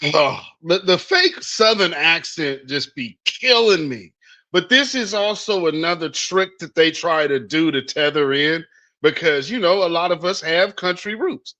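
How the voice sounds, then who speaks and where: A man's voice: fairly high pitch, expressive, unhurried, sharp tone. A man hosting political commentary in a blunt, sarcastic, emphatic way, with a dull lo-fi recording. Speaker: news commentary host.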